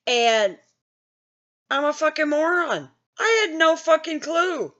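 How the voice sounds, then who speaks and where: Blunt swearing grandma, lo-fi mic. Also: female voice, sits high, normal speed, a bit bright. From Wisconsin, US. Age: older. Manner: blunt, swears a lot, self-mocking. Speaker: gaming channel host. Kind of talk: casual storytelling.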